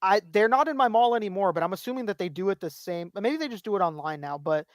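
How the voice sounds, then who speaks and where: A man's voice: sits high, animated, quick pace, no room sound, clean studio sound. A man in his thirties co-hosting a podcast, telling rambling stories, swearing freely and acting out quotes. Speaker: podcast co-host. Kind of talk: casual chat.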